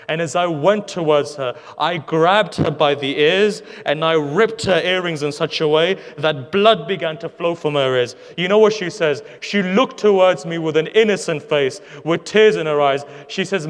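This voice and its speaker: A man with a high voice delivers an impassioned sermon and tells a story with drama. His words ring out through a large hall with a long reverb trailing each phrase. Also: moderate pace, few pauses. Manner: impassioned storytelling, dramatic retelling with quoted speech. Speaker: preacher. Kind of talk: Muharram majlis sermon.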